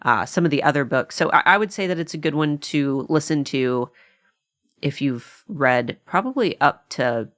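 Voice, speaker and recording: Woman, slightly low voice, animated rambling podcast host. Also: normal speed. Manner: rambling, animated, many fillers and laughs. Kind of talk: casual chat.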